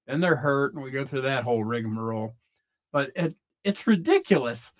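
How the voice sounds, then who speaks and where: Talking into a close mic with a completely dry, echo-free sound, a podcast host delivers a comedic monologue. His medium-pitched, animated voice moves at a moderate pace through a rambling rant full of restarts, self-interruptions, and exaggerated impressions.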